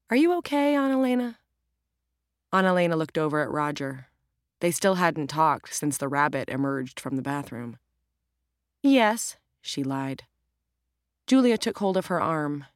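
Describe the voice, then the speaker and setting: Woman reading an audiobook, calm and measured, lowish voice, dry close mic. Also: dry recording. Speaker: audiobook narrator. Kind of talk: scripted narration.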